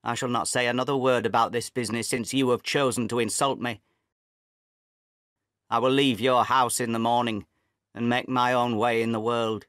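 A man's voice: mid-range voice, flat delivery, normal speed, fairly bright tone, smooth, no echo, studio quality, close to an everyday voice. A man reading a desperate, proud young man. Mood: defiant. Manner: pleading, then defiant.

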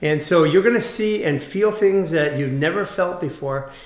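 A man leading a guided fascia exercise class, giving calm step-by-step cues and explaining as he goes. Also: fairly high pitch, normal speed. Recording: roomy echoey room.

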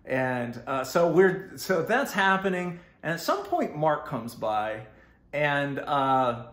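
A man's voice: a little high, sing-song, takes it slowly, fairly bright tone, echoey room. A man with a Texan accent telling a personal story casually, rambling with lots of fillers and restarts and laughing often. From Texas.

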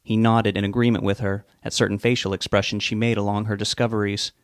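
A man reading a novel aloud in a measured, steady way. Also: lowish voice, clean tone, dry recording, clean studio sound. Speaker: narrator. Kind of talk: audiobook narration.

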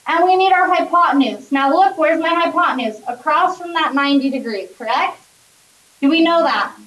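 A woman's voice: high-pitched, moderate pace, a bit bright. A woman math teacher giving a classroom lecture, upbeat and often checking in with her students. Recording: echoey classroom, voice from a distance.

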